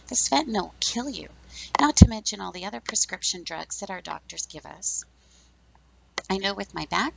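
A woman's voice: mid-range voice, a little fast, vocal fry, a little hiss or hum, poor audio. A woman in her fifties hosting a podcast, giving blunt, sarcastic opinions in a casual, chatty monologue. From Canada. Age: 50s. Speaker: podcast host.

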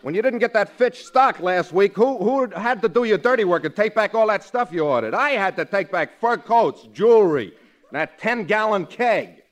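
A man's voice: high-pitched, animated, moderate pace. A man playing a brash, slangy, wisecracking male pal and secretary in a 1940s radio sitcom. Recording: old radio broadcast with studio audience.

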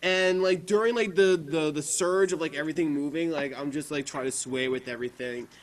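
A man's voice: fairly high pitch, fairly quick, poor audio. Casual young man hosting a podcast. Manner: swearing, filler-heavy storytelling. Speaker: podcast host. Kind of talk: casual chat.

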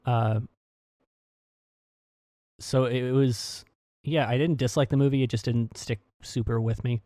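A man's voice: mid-range voice, fairly even intonation, unhurried, dark tone, no room sound, studio quality. Easygoing man in casual chat. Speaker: podcast co-host.

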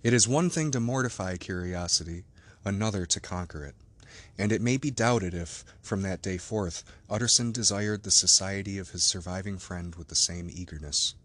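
A man reading a classic novel aloud as an audiobook narrator, in measured, even scripted narration. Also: sits low.

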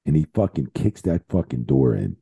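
A man's voice: animated, moderate pace, warm tone. A middle-aged man telling a road story on a podcast in a rambling style, with plenty of swearing. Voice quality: very deep gravelly voice. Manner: profane, rambling, lots of swearing. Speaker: guest, retired referee. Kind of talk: casual storytelling.

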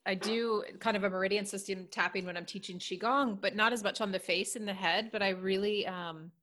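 A woman's voice: mid-range voice, steady tone, a little fast, a bit bright. A woman hosting a conversational interview, reflecting thoughtfully and asking curious questions. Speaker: podcast host.

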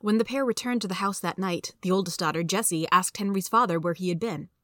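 A woman hosting a reading podcast, reading a story aloud in a steady, clear storytelling manner. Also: fairly low pitch, fast talker, no room sound, clean studio sound. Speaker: host and reader.

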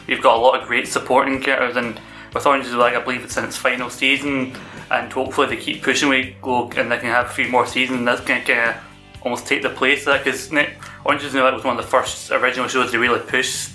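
Fast flat-voiced man, very bright. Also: medium pitch, faint music behind, rough recording. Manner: rambling, many fillers. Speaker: podcast guest. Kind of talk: casual TV review chat.

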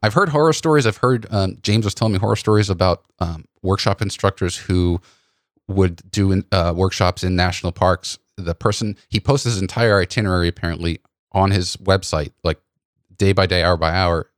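A man hosting a podcast about photography workshops, telling stories in an animated way with many restarts. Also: low voice, fairly quick, no echo, clean studio sound. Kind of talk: casual conversational storytelling.

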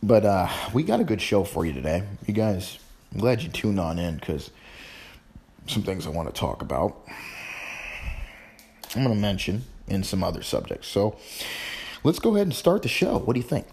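A man hosts his own home-made radio show in a casual solo monologue. His voice sits very low with a gravelly fry and a husky edge. He rambles, cracks jokes and keeps stopping to restate what he means. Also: sing-song, moderate pace, long pauses, a little mellow. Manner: rambling, joking, self-correcting.

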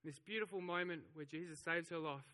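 A man's voice: on the high side, fast talker, bright, forceful tone, big-room sound. A man preaching a sermon, telling the story with animation and acting out the voices of the crowd. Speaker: pastor.

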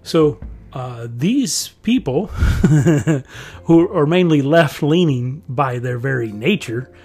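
A man's voice: a little high, lively intonation, slow pace, warm tone, slightly rough. A man talking in a rambling, conversational monologue as a podcast host, chuckling often as he goes. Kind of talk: casual monologue.

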